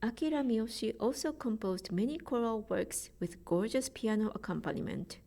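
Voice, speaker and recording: A woman's voice: a little high, animated, dark tone. Japanese-accented woman giving a careful lecture. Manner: careful, measured explanations with spoken pronunciation examples. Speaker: choral music presenter. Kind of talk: prepared presentation.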